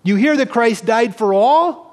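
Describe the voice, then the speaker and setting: A man with a notably high voice preaches a sermon. He reads scripture aloud and explains it with earnest conviction. His voice rings out with a long reverb, as if in a large hall. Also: animated, measured pace. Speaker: pastor.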